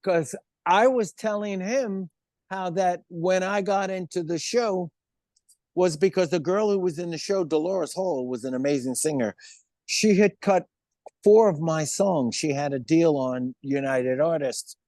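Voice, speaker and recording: A man in his seventies, a musician guest in an interview, telling stories in an animated way. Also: sits high, a little slow, no echo, clean studio sound. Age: 70s. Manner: animated storyteller, acts out quoted voices. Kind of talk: storytelling interview.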